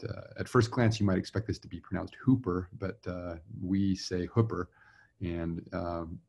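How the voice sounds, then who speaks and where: A man's voice: sits low, gravelly, warm tone, breathy edge. A man from Utah, a religion professor, giving a recorded symposium talk in an easygoing, self-deprecating way, full of fillers and restarts. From Utah, USA. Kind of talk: recorded conference lecture. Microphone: remote talk recording with screen share.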